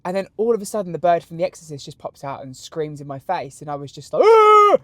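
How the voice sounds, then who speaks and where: This voice belongs to a fast-talking young British man whose pitch runs a little high. He's a podcast host working alone, fielding questions with camp, crude, lively anecdotes, and the close mic leaves no echo.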